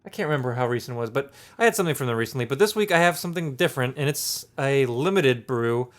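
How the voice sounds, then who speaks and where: A man's voice: mid-range voice, lively intonation, fast, a bit bright. A young man co-hosting a casual podcast, playful, with repeated words and wordplay. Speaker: podcast co-host. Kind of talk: casual chat.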